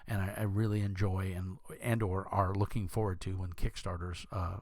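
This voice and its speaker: A young man with a deep voice, talking casually as a channel host, rambling with many fillers and restarts. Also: little pitch movement, normal speed, no room sound. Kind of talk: casual talk to camera.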